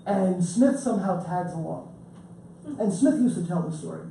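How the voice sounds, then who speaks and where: A man's voice: high voice, moderate pace, vocal fry, warm tone, a little hiss or hum. Chatty man lecturing in a roomy hall. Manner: chatty, joking asides, frequent restarts. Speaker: author giving a book talk. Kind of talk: informal lecture with storytelling. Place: lecture room with audience. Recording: roomy, distant mic with faint ambience.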